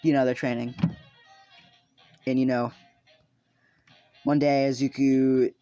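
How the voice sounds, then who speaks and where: A casual narrator telling an improvised fan story, rambling with many fillers, restarts and curses. The voice sits at an ordinary middle pitch. Soft music plays faintly behind. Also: level tone, slow pace, dull audio. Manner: rambling, full of fillers and swearing.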